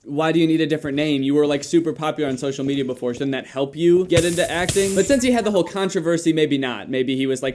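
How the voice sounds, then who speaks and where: A man giving casual commentary, full of sarcastic, dry joking asides. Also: a little high. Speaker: commentary YouTuber.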